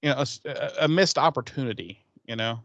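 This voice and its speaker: A man's voice: mid-range voice, fast, a bit bright, dry recording. A man co-hosting a podcast, joking and swearing, full of likes and acted-out quotes. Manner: jokey and profane, with lots of likes and acted-out quotes. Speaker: podcast co-host. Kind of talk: casual banter.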